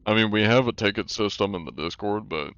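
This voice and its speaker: A young man talks in a loose, easygoing way while he plays, answering viewers' questions as they come in. His voice sits a little low. He sounds like a streamer chatting live. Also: a little fast, a bit bright, clear, resonant tone, no echo, muffled recording. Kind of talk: casual live-stream gaming chat.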